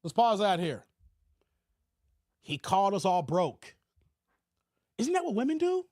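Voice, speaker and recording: A man's voice: high-pitched, huge pitch swings, unhurried, a little mellow, dry recording, studio quality. A man reacting to clips as a commentary vlogger, often calling out to his viewers as guys. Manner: keeps addressing viewers as guys.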